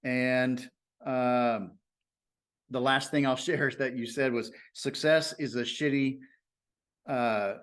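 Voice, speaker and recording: A man's voice: medium pitch, fairly even intonation, takes it slowly, long pauses, a bit bright, clean tone. A middle-aged man hosting a podcast, earnestly summing up the interview and repeating key phrases. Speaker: podcast host. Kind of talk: wrapping up an interview.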